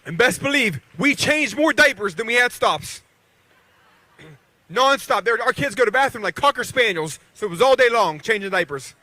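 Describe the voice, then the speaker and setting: A man's voice: extremely high pitch, lively intonation, moderate pace, sharp tone, dry recording. A man in his thirties from western Pennsylvania, a professional boxer giving a rousing rally speech with call-and-response to the crowd. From Beaver County, Pennsylvania.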